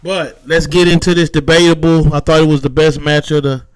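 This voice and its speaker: Southern man, slangy battle-rap recap, emphatic calls, slightly high voice, dry sound. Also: level tone, a little fast, clean tone, no room sound. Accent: Southern American. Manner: loose, slangy, emphatic verdicts. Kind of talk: casual recap commentary.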